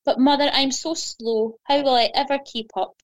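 A woman's voice: fairly high pitch, expressive, close to an everyday voice. A woman voicing a small, frightened lost duckling who cries and stammers. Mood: tearful. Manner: tearful, halting.

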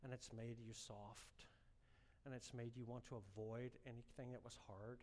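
A man preaching a sermon, telling a personal story with strong emotion and building to fervent, loud exhortation. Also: medium pitch, steady tone, normal speed, long reverb tail. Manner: emotional storytelling, rising to impassioned shouting.

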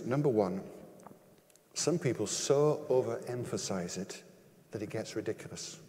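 An older man preaching a sermon as pastor, emphatic, with rhetorical questions and sudden rises in pitch and loudness. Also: in a large hall.

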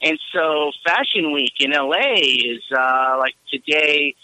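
A man calling into a podcast with a very bright, sharp voice. He tells his workday stories in an animated, profane way. His voice sits slightly high and the sound is dry. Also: takes it slowly, dry recording, rough recording. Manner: animated storyteller, swears freely. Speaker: caller. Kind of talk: casual podcast chat.

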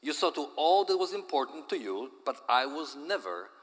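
A man with a Polish accent acting a despairing daughter yelling at her father. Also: on the high side, big pitch swings, normal speed, in a large hall, voice pushed up. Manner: yelling, anguished.

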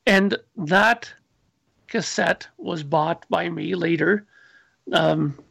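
Creaky high-voiced man telling stories. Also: very slow, dry recording. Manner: animated storyteller, acts out his own past lines. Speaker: musician guest. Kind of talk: casual chat.

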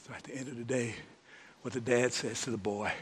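A male pastor preaching a sermon, calling out to the congregation and swinging from shouted lines to hushed near-whispers. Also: mid-range voice, steady tone, brisk, slightly rough. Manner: calls out to the congregation.

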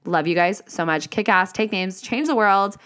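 A woman's voice: mid-range voice, moderate pace, a bit bright, clean tone. A woman hosting a motivational solo podcast, talking casually with lots of swearing and "like" fillers. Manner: swearing, gushing, uses many "like" fillers. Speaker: podcast host.

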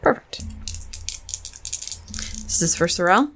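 A woman player in a tabletop game with a fairly low voice for a woman. She talks casually and in a laid-back way as she explains her character's mood and actions. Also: moderate pace, slight background noise.

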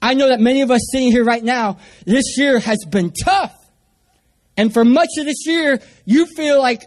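A man's voice: extremely high pitch, normal speed. A young man from San Diego preaching a sermon, telling a personal story with self-mocking humor. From San Diego area, US.

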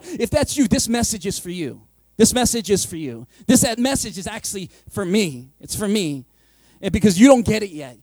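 A man's voice: sits high, a little mellow, no echo. A man preaching a sermon as pastor, casual and joking, acting out the voices of his listeners.

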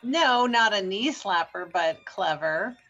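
A woman's voice: mid-range voice, animated, slow, sharp tone, muffled recording. A woman co-hosting a podcast in casual chat, probing with questions. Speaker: podcast co-host.

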